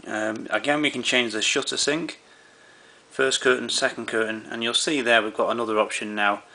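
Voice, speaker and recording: A man's voice: mid-range voice, fairly even intonation, normal speed, pushed and bright. A man walking through camera menu settings in an easygoing way, with many fillers and restarts. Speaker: camera tutorial presenter. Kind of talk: explaining camera settings step by step.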